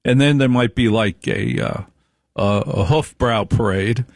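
A man's voice: on the low side, measured pace, creaky, dry recording, clean studio sound. A man giving an opinionated monologue, telling a family story with emphatic repetition. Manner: emphatic, storytelling, repeats points for stress.

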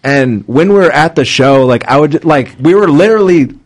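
A man's voice: fairly high pitch, expressive, moderate pace. A young man telling a story in casual chat, full of "like" fillers and restarts. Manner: rambling, lots of "like" fillers.

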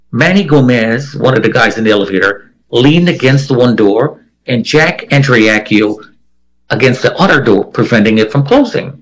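A man's voice: mid-range voice, breathy edge, poor audio. A man giving a first-person account in an interview, vividly acting out the voices of the people he quotes. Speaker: interviewee telling a personal story.

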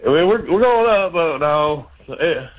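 A man's voice: a little high, expressive, unhurried. Southern man calling in on a dull line. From Arkansas. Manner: easygoing, rambling, polite. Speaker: caller. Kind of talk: phone call-in chat.

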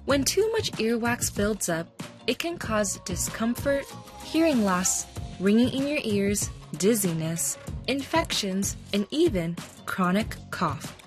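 Female physician host over loud music. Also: medium pitch. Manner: friendly, clear and explanatory. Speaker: family medicine resident physician. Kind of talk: scripted health podcast intro.

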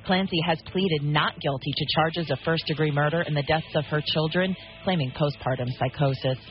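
A woman reading the news headlines on a radio show in a steady, clear delivery. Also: sits low. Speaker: radio newsreader. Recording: lo-fi radio broadcast with faint noise.

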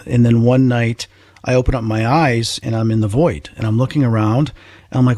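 Male talk host, casual, husky edge, dry mic. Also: mid-range voice, fairly even intonation, moderate pace, a little mellow, dry recording. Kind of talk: casual chat.

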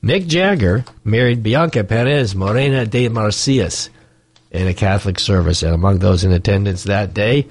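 Hoarse, husky morning radio DJ man. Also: on the low side, moderate pace. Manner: wry, rambling, joking asides. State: hoarse from a cold. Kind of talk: casual radio banter. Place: radio studio.

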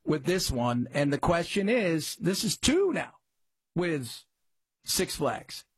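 A male talk radio host with a somewhat high, husky voice, recorded dry and close in the studio. He talks in a loose, rambling way, jumping up in pitch to stress a point. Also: sing-song, slow pace, dry recording. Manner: conversational, rambling, jumps up in pitch for emphasis. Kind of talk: casual talk radio commentary. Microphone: studio mic.

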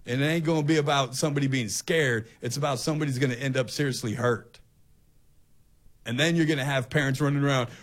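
A man's voice: mid-range voice, fairly quick. A male talk show host delivering an impassioned, ranting opinion monologue, often repeating himself.

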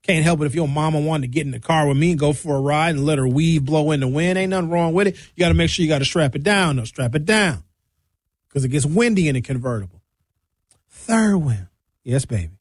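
Radio guy cracking raunchy jokes, kinda high voice, dead dry studio sound. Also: animated, fairly quick, husky, no room sound. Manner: bawdy, joking, rambling. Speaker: radio show host. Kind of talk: comic monologue.

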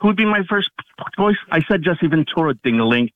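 A man's voice: a little high, expressive, fairly quick, no room sound. A man calling in to a radio show, defensive and irritated, trading insults with the host. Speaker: caller. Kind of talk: heated call-in conversation. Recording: tinny phone line.

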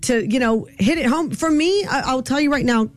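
A woman in her forties hosts a casual radio chat. Her voice sits high, and she talks in a warm rush, teasing and laughing between thoughts. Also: moderate pace, no echo. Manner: chatty, teasing, laughs often. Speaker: radio show host.

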